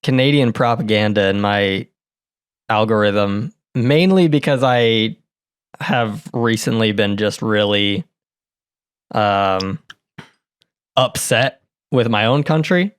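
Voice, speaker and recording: A man's voice: fairly low pitch, slow, long pauses, smooth, no echo, clean studio sound. A man co-hosting a podcast, easygoing and wry in casual chat. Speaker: podcast co-host.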